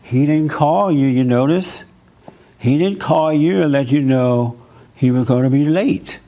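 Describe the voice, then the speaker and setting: A man's voice: mid-range voice, measured pace, warm tone, muffled recording, close to an everyday voice. A man voicing Satan as a sly, insinuating tempter who plants doubts.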